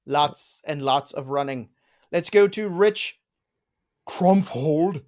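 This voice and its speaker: A man's voice: a little high, slow pace, darkish tone. Playful, jokey male show host. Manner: playful, jokey, riffs on names. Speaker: fantasy football show host. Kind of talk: casual live chat.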